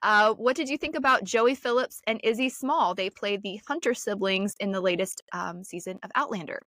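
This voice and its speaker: An American woman co-hosting a podcast in casual chat, bubbly and excited like a fan. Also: mid-range voice, moderate pace, no echo. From United States. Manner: bubbly, fangirling. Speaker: podcast co-host.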